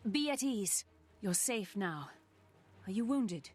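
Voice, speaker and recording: An actress voicing a calm, capable elf heroine in a video game, speaking in a composed, reassuring way. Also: female voice, mid-range voice, slow, slightly rough, soft background music. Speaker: game player character.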